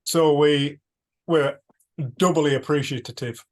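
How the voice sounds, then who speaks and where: A man hosting a retreat over a video call, telling stories in an earnest, animated way. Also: fairly high pitch, slow. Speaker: retreat host. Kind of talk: casual reflective talk.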